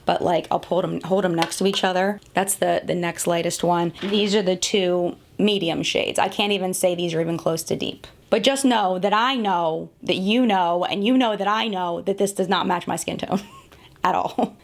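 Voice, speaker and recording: A woman's voice: fairly low pitch, fairly even intonation, normal speed, creaky, slight background noise. A woman in her thirties reviewing makeup in a casual, chatty way, often laughing at herself, talking to the camera at home. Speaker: beauty vlogger.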